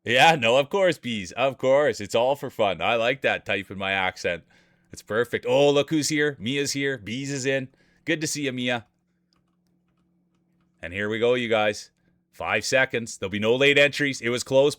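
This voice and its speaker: A man's voice: medium pitch, fairly bright tone, no room sound. A man commentating marble races on a live stream, greeting viewers by name and hyping up close finishes. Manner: upbeat, greets chat viewers by name, hypes race finishes.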